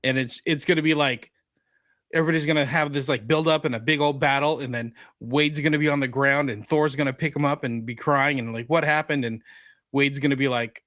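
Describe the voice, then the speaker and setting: A man's voice: medium pitch, fairly even intonation, fairly quick, a bit bright, no echo. A man co-hosting a geek culture podcast, chatting casually and reading news items aloud. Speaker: podcast co-host. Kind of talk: casual chat.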